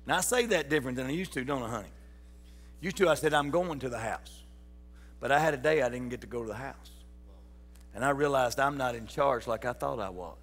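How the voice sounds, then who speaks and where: A pastor preaching a sermon in a folksy way, calling out to the congregation. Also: male voice, medium pitch, fairly quick, fairly bright tone, a faint crowd. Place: large church sanctuary. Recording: church hall reverb.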